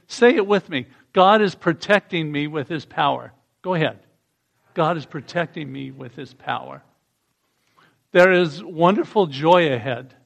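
A man's voice: fairly high pitch, creaky, a bit bright. A man preaching a sermon, reading scripture aloud and asking the congregation to repeat lines after him. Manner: reads passages aloud and leads call-and-response.

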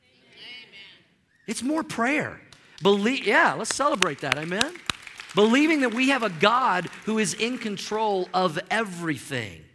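A man preaching a sermon as pastor, animated and emphatic, with frequent stammered restarts. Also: sits high, unhurried, background noise. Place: church sanctuary. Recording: long reverb of a large hall.

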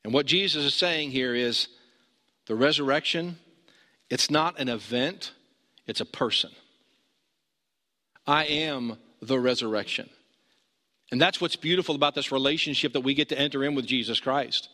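A man preaching a sermon as pastor, earnest, rising high when he urges and dropping low and slow for emphasis. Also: pushed and bright, in a large hall.

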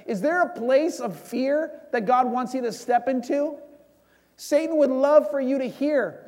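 Male preacher with a high voice, casual, chatty sermon delivery, long hall reverb. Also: measured pace, a little mellow. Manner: conversational, leads prayer, acts out dialogue.

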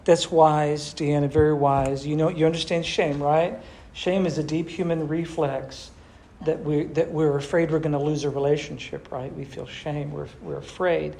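Pastor leading a group sermon; emphatic, mid-pitched, addresses members directly. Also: fairly even intonation, moderate pace, creaky, slight background noise. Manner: warm, emphatic preaching with rhetorical questions. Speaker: pastor leading a church discussion.

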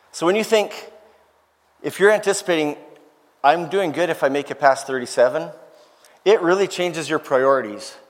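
A man telling an emotional story in a sermon, earnest and heartfelt, acting out the voices of the people he quotes. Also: mid-range voice. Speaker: preacher. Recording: long hall reverb.

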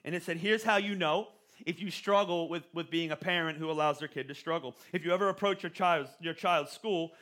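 Bright, high-voiced man preaching. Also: fairly quick. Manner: conversational, repeats words when starting phrases. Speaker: pastor. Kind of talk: sermon.

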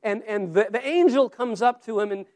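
A man's voice: high voice, moderate pace, a little mellow. A man preaching a sermon, earnest and story-driven, often repeating his words as he goes. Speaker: pastor.

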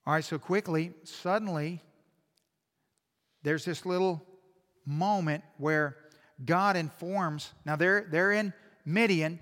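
A male pastor preaching a sermon in a church sanctuary, telling stories that fall to a hush and then build up loud. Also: fairly high pitch, slow pace, long pauses. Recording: long reverb in a church hall.

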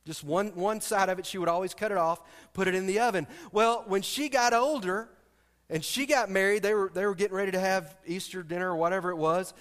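A man's voice: high voice, fairly even intonation, fairly quick, a bit bright. A middle-aged man preaching a sermon as pastor, telling stories, asking the congregation questions and adding joking asides. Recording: long hall reverb.

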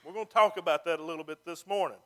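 A man's voice: on the high side, rapid-fire, a bit bright. A man preaching a sermon as pastor, building to emphatic calls and stretching out key phrases.

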